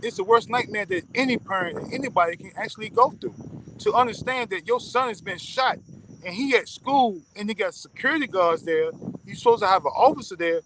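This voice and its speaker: A distraught man speaks in a halting, urgent rush, stumbling over fillers. His voice sits fairly high for a man. Faint noise hums behind him on the call. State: distraught, emotional. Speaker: interviewee, father of a victim.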